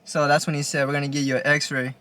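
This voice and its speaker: A young man with a voice pitched a little above the usual, telling a storytime vlog. He talks in a relaxed, slangy way, the way a channel host talks straight to his viewers. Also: fast. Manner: laid-back slangy storytelling. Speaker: YouTuber.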